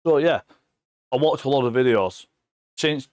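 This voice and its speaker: A man in his forties with an English accent, telling stories in a sweary, animated casual chat as a podcast guest. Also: medium pitch, moderate pace, no room sound, clean studio sound. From England. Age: 40s.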